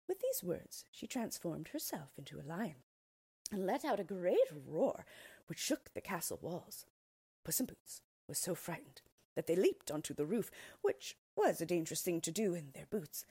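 A woman reading a fairy tale aloud in an expressive storybook style. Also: fairly low pitch, moderate pace, breathy edge, no room sound.

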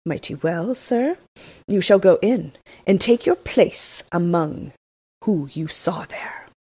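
A woman's voice: fairly low pitch, expressive, slow pace, dark tone, husky, no echo, heavily acted. A woman voicing a cruel, merciless man who gives stern, threatening commands. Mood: menacing. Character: cruel, merciless male tyrant Bluebeard.

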